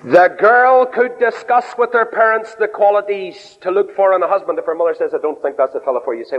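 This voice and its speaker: A man preaching a sermon in an animated way. He swings his pitch up and down, acts out quoted voices and drops in humorous asides. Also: a little fast, few pauses. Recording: dull lo-fi recording in a reverberant hall.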